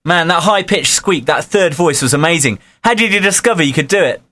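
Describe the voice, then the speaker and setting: A man's voice: fairly high pitch, lively intonation, brisk, bright, forceful tone. A man interviewing a beatboxer, asking questions and giving admiring, encouraging praise.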